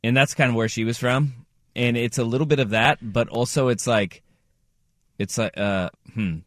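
A man hosting a casual podcast chat, laid-back and quick to laugh. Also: medium pitch, steady tone, fairly bright tone, no echo, clean studio sound. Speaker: podcast host.

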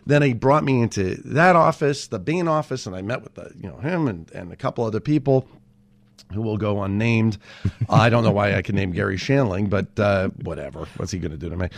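A man in his forties from Southern California, a TV writer telling stories as a podcast guest in an animated way, often restarting his sentences. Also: on the low side, a little fast, dry recording. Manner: animated, with frequent restarts and repeated words. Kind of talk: casual storytelling in an interview.

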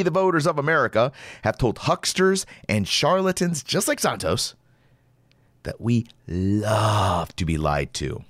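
A man's voice: on the low side, no echo, studio quality. A man hosting a podcast, delivering an opinionated monologue in a sarcastic, ranting way. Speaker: podcast host.

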